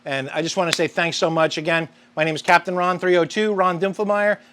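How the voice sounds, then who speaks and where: A man's voice: high voice, fairly even intonation, brisk, fairly bright tone, slight background noise. A man hosting a grilling show, talking viewers through a recipe in an upbeat, chatty way. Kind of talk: cooking demonstration to camera.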